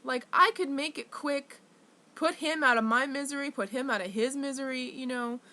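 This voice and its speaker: A young woman talking candidly to camera in a rambling, profane confessional monologue, full of fillers and flaring into loud anger. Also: high voice, normal speed.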